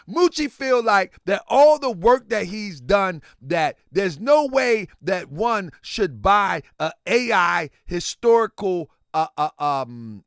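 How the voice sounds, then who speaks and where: Lively gravelly-voiced man hosting a stream. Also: high voice, no echo, clean studio sound. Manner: animated, repetitive, talks to his chat. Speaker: livestream host. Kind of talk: casual livestream commentary.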